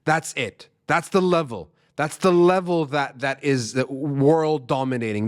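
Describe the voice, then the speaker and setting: Excited man. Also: medium pitch. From Arab world. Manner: excited, emphatic, repeats himself. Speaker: music reaction channel host. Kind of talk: casual reaction commentary.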